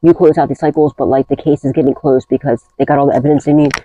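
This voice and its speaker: Woman, tarot reader, blunt and profane, rambling restarts, mellow warm tone, dull lo-fi sound. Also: a bass voice, fairly even intonation, racing, a little hiss or hum. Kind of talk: casual tarot reading to camera.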